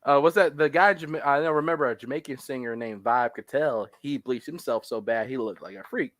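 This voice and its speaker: A man's voice: medium pitch, brisk, fairly bright tone, dry recording. A man with a Southern US accent hosting a stream, joking and laughing through casual banter. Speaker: stream host. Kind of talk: casual chat.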